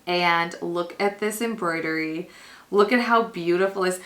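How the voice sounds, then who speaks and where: A woman vlogging casually as she unboxes a gift, gushing and excitable, chatting with lots of fillers. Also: on the low side, normal speed. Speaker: costuming vlogger.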